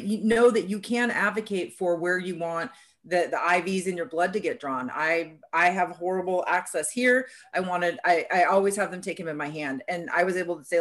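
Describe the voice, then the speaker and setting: A woman hosting a casual podcast chat, talking in an encouraging, conversational way and often restarting her phrases. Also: on the low side. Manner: encouraging, conversational, repeats words when restarting. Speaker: host.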